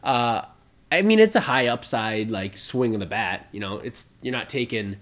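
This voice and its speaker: A man's voice: mid-range voice, expressive, moderate pace, a bit bright. A man co-hosting a podcast, talking casually about sports with a lot of fillers and restarts. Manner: rambling, conversational, many fillers. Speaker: podcast co-host.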